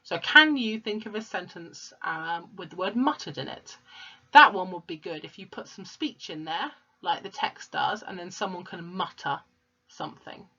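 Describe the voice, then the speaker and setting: A woman teaching at home, explaining slowly and patiently to young children. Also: on the low side, expressive, pushed and bright, muffled recording. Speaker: primary school teacher. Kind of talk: recorded home-learning lesson.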